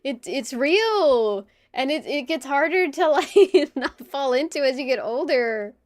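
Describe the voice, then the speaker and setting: A young woman streamer chatting casually and telling a personal story, animated, swearing often and laughing between phrases. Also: high-pitched, a little slow, dry recording, studio quality.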